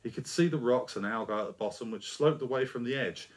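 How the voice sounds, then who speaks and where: A man narrating a scripted story in a steady, descriptive reading. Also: medium pitch, fast talker.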